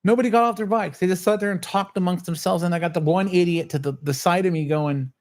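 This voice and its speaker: A man with a somewhat high voice ranting to his livestream viewers in a casual, heated way. He swears freely and slips into other people's lines as he retells a run-in. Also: steady tone, quick pace. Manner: agitated, swearing storyteller who acts out others' lines. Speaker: channel host.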